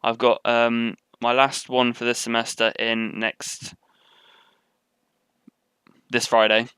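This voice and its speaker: A young man talking through a strategy game as he plays, drifting into chatty tangents. His voice is bright and very crisp, recorded dry and close at his desk. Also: mid-range voice, completely flat delivery, takes it slowly, dry recording. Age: young adult. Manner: rambling, chatty, with frequent ums and tangents. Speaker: gaming commentator. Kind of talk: live gameplay commentary. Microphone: webcam setup at desk.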